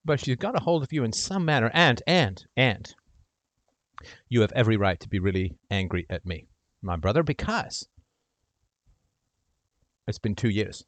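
A man hosting a call-in show, giving impassioned advice and speaking to the caller's brother in role-play, swinging from loud to hushed. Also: on the low side, expressive, normal speed, long pauses, no echo.

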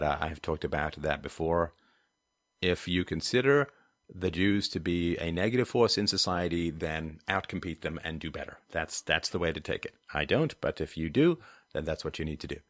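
A deep-voiced man hosts a livestream and reads viewer comments aloud. He rants in a sardonic way, dropping to low mutters and then rising to loud, emphatic bursts. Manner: ranting, sardonic, swings between low mutters and loud outbursts. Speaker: host of a call-in and live-chat show.

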